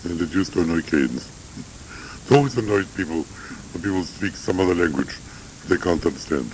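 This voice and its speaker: Very deep-voiced older man reminiscing. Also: expressive, a little fast, darkish tone, a little hiss or hum, poor audio. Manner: rambling, hesitant, digressive reminiscing. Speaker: interviewee. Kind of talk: recorded conversational interview.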